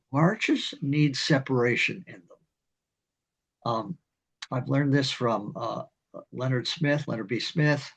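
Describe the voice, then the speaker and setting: An older man, a community band director, explaining conducting in a rambling, halting way and singing rhythms. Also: medium pitch, breathy edge. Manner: rambling, halting, with many fillers and sung rhythms. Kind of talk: instructional talk on conducting.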